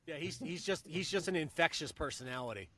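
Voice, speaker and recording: A man's voice: on the high side, expressive, brisk, bright, forceful tone. Enthusiastic male voice actor. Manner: enthusiastic, rambling. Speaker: voice actor guest. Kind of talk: casual chat.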